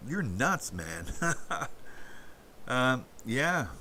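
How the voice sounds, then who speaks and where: A man from Canada, hosting a casual livestream and talking in a halting, rambling way as he answers chat comments aloud. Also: medium pitch, sing-song, pushed and bright, a little hiss or hum. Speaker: livestream host reading chat.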